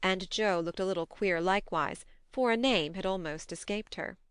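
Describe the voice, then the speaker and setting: Woman reading a classic novel aloud, smooth clear voice, dry close mic. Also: mid-range voice, no room sound. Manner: measured, expressive reading. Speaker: audiobook narrator. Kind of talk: scripted narration.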